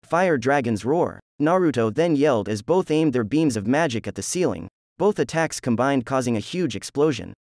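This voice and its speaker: A man narrating a fan story in a plain, even scripted reading. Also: medium pitch, fairly quick, hardly any pauses, no room sound, studio quality.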